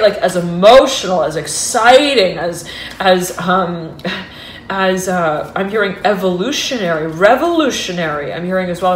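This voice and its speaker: A woman's voice: on the low side, echoey room, slight background noise. A woman giving an intuitive tarot reading. She rambles and hesitates, restarts her sentences and fills them with fillers, and she laughs often and gets giddy. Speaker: tarot reader.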